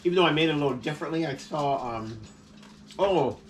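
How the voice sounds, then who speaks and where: A man's voice: on the high side, a little fast. A man hosting a casual home food vlog, playful and chatty, laughing often. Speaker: vlog host. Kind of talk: casual mukbang chat. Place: home dining table. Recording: distant camera mic with faint noise.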